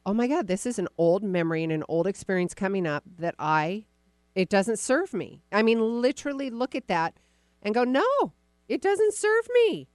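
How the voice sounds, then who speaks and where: A woman podcast host coaching a caller live, encouraging and animated, acting out the caller's inner voice. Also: medium pitch, brisk, dry recording, clean studio sound.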